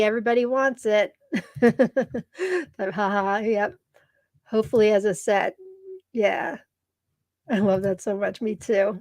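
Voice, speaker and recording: A woman's voice: a little high, dry recording. A woman hosting a live stream in casual chat, gushing and reading viewer comments aloud, tearful at times. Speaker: live show host.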